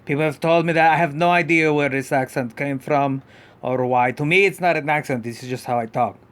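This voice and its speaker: A man voicing a goofy male dinosaur puppet pup who hosts a live podcast, talking in a vague put-on foreign accent, rambling with many halting restarts. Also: fairly high pitch, fairly bright tone, lightly acted. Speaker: podcast host. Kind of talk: live podcast character act.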